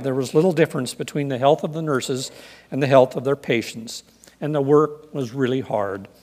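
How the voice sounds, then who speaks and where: A man preaching a sermon in an earnest, measured way, reading scripture and telling stories. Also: a little high, darkish tone, long reverb tail. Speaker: pastor.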